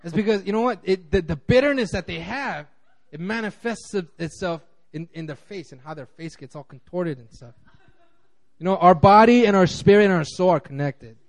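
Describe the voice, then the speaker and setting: A man pastor giving a casual, conversational sermon, animated and acting out quotes, with frequent restarts. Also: high voice, moderate pace.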